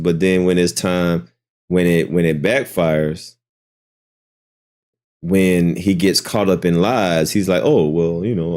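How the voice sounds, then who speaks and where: A man's voice: low-pitched, darkish tone. A man giving reaction commentary, incredulous and firing off rhetorical questions.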